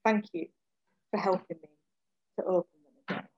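A woman who is a poet, reading her short poems in a soft, measured way and chatting between them. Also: fairly low pitch, fairly even intonation, dull audio. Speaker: poet, guest. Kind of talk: poetry reading and casual chat.

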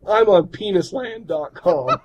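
A man's voice: high-pitched, lively intonation, slow pace, rough recording. A man co-hosting a podcast, telling stories in a rambling, casual way and laughing often. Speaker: podcast co-host. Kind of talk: casual chat.

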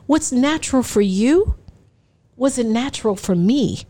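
A woman's voice: a little high, a little slow. A woman in her forties tells a personal testimony to an audience. She acts out the dialogue and often laughs between lines. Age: 40s. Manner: animated storytelling, acting out dialogue.

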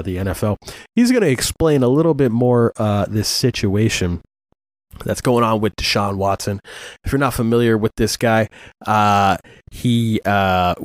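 A man's voice: on the low side, no room sound. A man hosting a podcast in casual chat, rambling and swearing, with many fillers. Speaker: podcast host.

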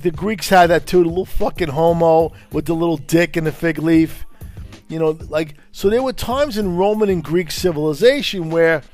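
A podcast host from Brooklyn, ranting angrily and profanely in a confrontational way. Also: male voice, on the high side, a little mellow. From Brooklyn, New York. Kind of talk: angry profane rant.

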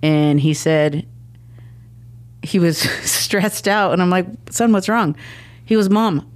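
Middle-aged mom telling stories on a podcast, lively, keeps acting out what everyone said. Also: female voice, lowish voice, slow pace. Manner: animated, acts out quoted dialogue. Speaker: guest, mother of the athlete. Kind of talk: casual interview storytelling.

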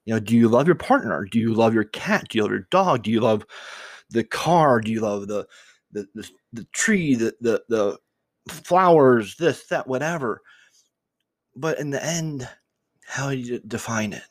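A man's voice: medium pitch, lively intonation, moderate pace, dry recording. A man hosting an unscripted solo podcast, musing aloud in a reflective, rambling way and getting choked up, his voice trembling. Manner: reflective, rambling with restarts and repeated words. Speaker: podcast host.

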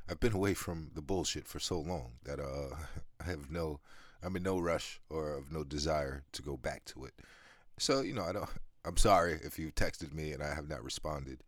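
A man's voice: extremely low pitch, normal speed, a bit bright, no room sound, clean studio sound. A man in his thirties hosting a podcast, talking in a rambling, profane, laid-back way with many restarts and fillers, a smoker with a cough. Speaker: podcast host. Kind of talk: casual monologue.

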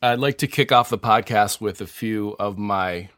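A man hosting a comedy podcast, talking in a deadpan, jokey know-it-all way. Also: fairly low pitch, normal speed, dry recording, studio quality. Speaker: podcast host. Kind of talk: casual comedic chat.

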